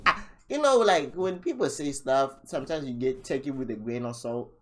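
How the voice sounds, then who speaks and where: A man recaps a rap battle in casual podcast chat. He tells the story with lots of animation, jumping up in pitch and volume whenever he acts out what others said. His voice sits at a middling pitch. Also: moderate pace. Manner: animated storytelling, acting out quotes in a raised voice. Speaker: podcast host.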